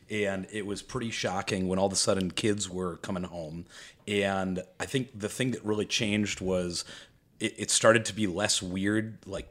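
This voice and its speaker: Male podcast co-host in his thirties, low register, lively casual storyteller. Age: 30s. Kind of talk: casual chat.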